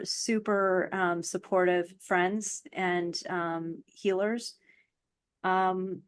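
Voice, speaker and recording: A woman guest on an interview podcast, speaking earnestly and from the heart, with frequent ums. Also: on the low side. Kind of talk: casual interview chat.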